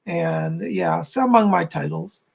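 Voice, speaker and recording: A man with a gravelly, fry-edged voice hosts a live stream in easy, casual chat. He is bubbly and chatty, greeting viewers one after another and reading out their comments. His tone stays relaxed and friendly. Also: fairly high pitch, a little slow. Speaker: psychic medium hosting a live stream.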